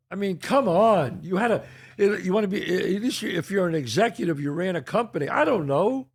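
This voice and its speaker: An older American man with a high-sitting, gravelly, husky voice hosts his own show. He launches into a heated, profane solo rant packed with rhetorical questions.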